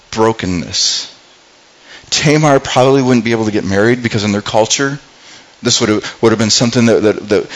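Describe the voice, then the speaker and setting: A man's voice: on the low side, rough recording. A male pastor preaching a sermon, retelling a scripture story earnestly and often repeating words as he goes.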